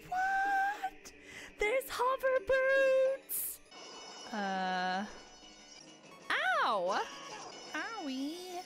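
A woman streamer giving excitable let's-play commentary, gasping and laughing as she reacts to the game. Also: very high-pitched, extremely slow, long pauses. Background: game music.

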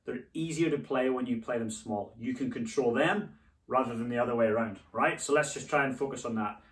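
In an echoey room, with his voice a bit distant from the mic, a man gives a drumming lesson. His medium-pitched, fairly bright voice moves quickly as he encourages students and calls out rudiment syllables while they play.

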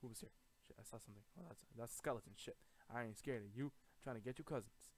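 A man's voice: mid-range voice, fast talker. A young man giving casual let's-play commentary, muttering to himself and trash-talking enemies with plenty of swearing. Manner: profane trash-talk to enemies, swinging into panicked yelps. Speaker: gaming commentator.

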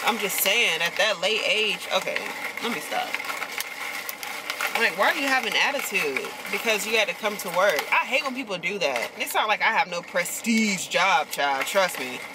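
A woman's voice: normal speed, few pauses, very noisy. Chatty young woman vlogging. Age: 20s. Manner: chatty, animated storytelling, high-pitched when quoting others. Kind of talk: casual chat.

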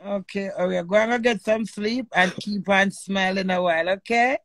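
A woman with a Jamaican accent hosting a live stream with callers. She is animated and emotional, and swears freely in patois. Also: mid-range voice, moderate pace, no echo.

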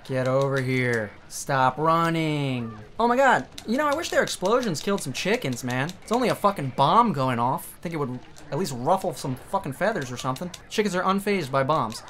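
A man giving profane, joking commentary as he plays a video game, reacting loudly to the screen. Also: on the high side, normal speed, slight background noise. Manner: excitable, swearing, joking at the screen. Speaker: let's play streamer.

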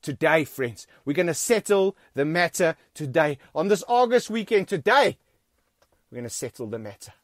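A man's voice: fairly high pitch, sing-song, normal speed, no echo, studio quality. A man with a South African accent preaching a sermon in a church, emphatic and repeating key phrases, often calling the congregation friends. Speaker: pastor.

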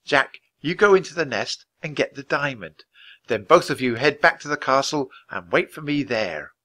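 A man doing a hushed raven leader. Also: medium pitch, animated, moderate pace. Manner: hushed, commanding croak. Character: calm young boy wizard in raven form, leader.

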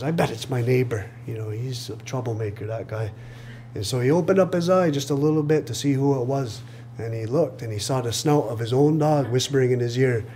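Lively male storyteller, faint hum. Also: mid-range voice. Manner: lively, acts out voices, chuckles at his own jokes. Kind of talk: live oral storytelling. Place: live reading event.

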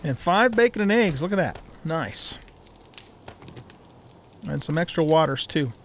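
A man's voice: fairly high pitch, lively intonation, unhurried, slight background noise. A man hosting a gaming channel, chatting casually to his viewers while he plays, with the hiccups. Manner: easygoing, talks to viewers while playing. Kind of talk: casual gameplay commentary.

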